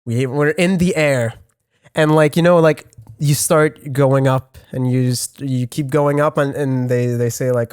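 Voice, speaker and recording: A man co-hosting a podcast tells a story in a loose, casual way. He trips over his words and restarts often, swears a lot, and speaks at a middling pitch. His voice is close and dry, with no room echo. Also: steady tone, darkish tone, smooth. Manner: halting, with many restarts and heavy swearing. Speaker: podcast co-host.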